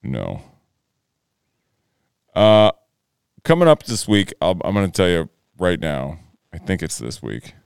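A man's voice: low-pitched, big pitch swings, slow, creaky, long pauses, clean tone, dry recording, clean studio sound. A man co-hosting a podcast in casual chat, loose and profane, joking around. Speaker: podcast co-host.

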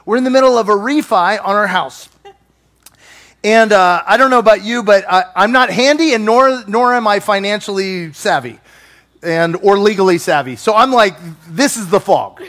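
A male pastor preaching a sermon with personal stories, animated and self-deprecating with humor. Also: high voice, moderate pace.

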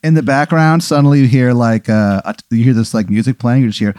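A man running a tabletop game as game master, narrating in an animated, rambling, profane way. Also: medium pitch, fairly quick, hardly any pauses, dry recording. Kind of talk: improvised storytelling of a tabletop game.

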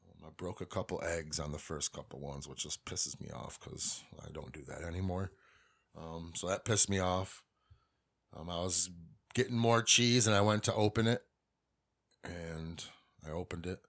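A man's voice: low voice, fairly even intonation, normal speed, a bit bright. A middle-aged man hosting a podcast, talking through a personal story in a rambling, profane, confessional way. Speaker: podcast host. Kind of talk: casual monologue.

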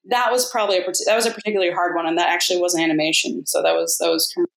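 Woman, voice actor, candid, animated storyteller, roomy echo. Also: on the low side, very fast, gravelly. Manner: candid, animated storyteller who mimics others. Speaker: voice actor guest. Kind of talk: casual interview chat.

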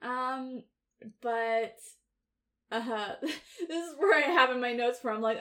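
A woman co-hosting a podcast in casual chat, laughing often and talking with animated, swearing energy. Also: high voice, slow, long pauses. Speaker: podcast co-host. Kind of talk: casual chat reviewing a TV episode.

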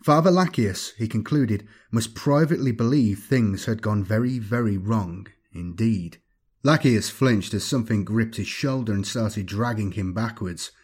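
A man reading a story aloud as an audiobook narrator, in a measured, steady storytelling manner. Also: fairly low pitch, husky. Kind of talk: scripted narration.

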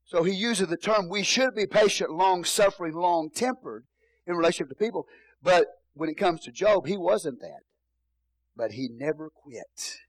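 A man's voice: high-pitched, lively intonation, moderate pace, no room sound, poor audio. A male pastor preaching a sermon in a church, repeating phrases and calling out hallelujah.

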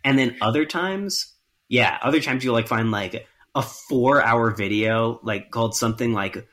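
A man co-hosting a casual podcast chat, seated on his bed at home and making wry, deadpan asides. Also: medium pitch, measured pace. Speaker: podcast co-host.

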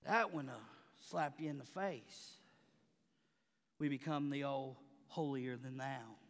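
A pastor preaches slowly in a dramatic, colloquial style, swinging from quiet murmurs to loud, high shouting. The sermon has a big-room sound.

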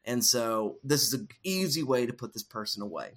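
A man's voice: mid-range voice, lively intonation, normal speed, a bit bright. A man co-hosting a casual film discussion, explaining ideas at length in a thoughtful way with frequent fillers. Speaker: podcast co-host.

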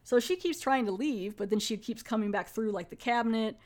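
A woman's voice: fairly high pitch, fairly quick. A woman casually reviewing a horror anthology film, retelling scenes in a chatty way with quoted lines. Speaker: movie reviewer.

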